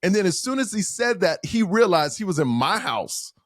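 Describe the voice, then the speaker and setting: Telling stories as a podcast guest over a video call, a comedian gets animated and acts out the voices of the characters he quotes. His high-pitched voice moves at normal speed, with clean studio sound and no room sound.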